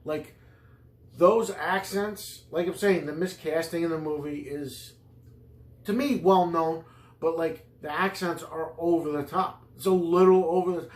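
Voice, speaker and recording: A man's voice: fairly high pitch, reverberant. A man hosting a podcast in a rambling, improvised comedy monologue, swearing freely and jumping from one tangent to the next. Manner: profane, rambling, digressive. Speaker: podcast host.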